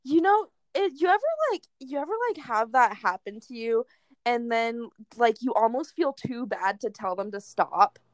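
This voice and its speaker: A woman's voice: fairly high pitch, lively intonation, normal speed, dry recording. Profane young woman telling a story. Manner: crude, profane, laughing storyteller. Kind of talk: casual storytelling chat.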